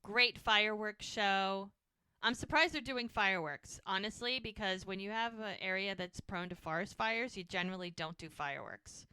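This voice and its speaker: A woman with a bright, forceful voice retells the scenes of a TV episode in casual podcast chat. She tells it as an animated storyteller and breaks off into chatty asides. The sound is close and dry. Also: medium pitch, moderate pace, clear, resonant tone, no room sound. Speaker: podcast co-host.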